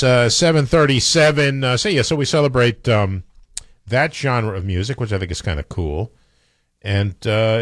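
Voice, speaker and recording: Chatty low-voiced male radio host. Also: no room sound, clean studio sound. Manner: chatty, rambling, quick asides. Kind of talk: casual radio chat.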